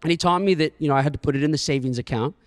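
A man's voice: on the high side, rapid-fire, clean studio sound. A young man preaching a sermon, telling a story with humor and dramatic flair. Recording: echoey church hall.

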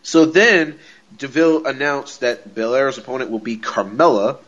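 A man hosting a podcast, recapping a wrestling show in a casual, excitable way, laughing often and repeating himself. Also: mid-range voice, normal speed, dull audio. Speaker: podcast host.

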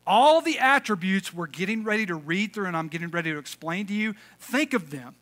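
A male pastor preaching a lively, conversational sermon, calling out to the congregation. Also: high voice, brisk, few pauses. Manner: energetic, conversational, calls for audience response.

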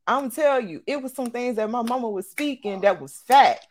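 A woman in her twenties or thirties co-hosting a casual podcast chat, with speech, animated and acting out quotes. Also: on the high side, normal speed. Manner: animated, acts out quotes, frequent laughs. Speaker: podcast co-host.

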